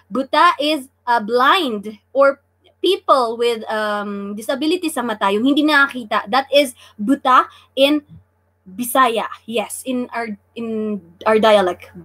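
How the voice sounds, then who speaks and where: High-voiced Filipino woman teaching live. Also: a little slow, fairly bright tone. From Davao City, Philippines. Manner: repeats words drilling vocabulary, playful teasing of chat. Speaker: livestream language teacher. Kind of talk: casual live-stream lesson mixing English and Tagalog.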